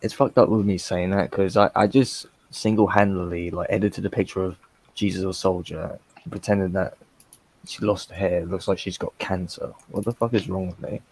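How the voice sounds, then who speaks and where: A man's voice: low voice, fairly even intonation, moderate pace, darkish tone. A man in a casual group voice chat, trading crude, teasing banter.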